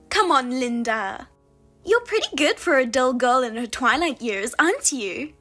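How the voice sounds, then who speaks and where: A woman's voice: sits high, a bit bright, heavily acted. Woman doing a smug, taunting younger sister. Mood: gloating. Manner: taunting, mocking, sing-song.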